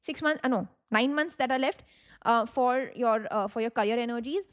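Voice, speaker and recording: A woman's voice: on the high side, normal speed. A young woman with an Indian English accent, a tarot reader chatting to her viewers in a rambling, repetitive way, slipping into Hindi now and then. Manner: chatty, rambling, repeats herself, mixes in Hindi. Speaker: tarot reader and channel host. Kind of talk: casual talk to camera.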